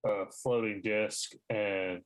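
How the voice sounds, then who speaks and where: Slow, hesitant man, low voice. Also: fairly even intonation, no echo. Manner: hesitant, mumbling. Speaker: player. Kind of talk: casual chat at a tabletop game.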